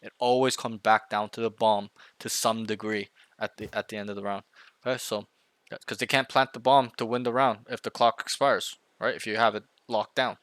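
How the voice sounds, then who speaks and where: A man's voice: fairly low pitch, fairly even intonation, moderate pace, clear, resonant tone, no echo. A man coaching a student one-on-one over voice chat, emphatic and often checking in with 'right?'. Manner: emphatic, often checks in with 'right?', acts out loud team callouts. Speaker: game coach.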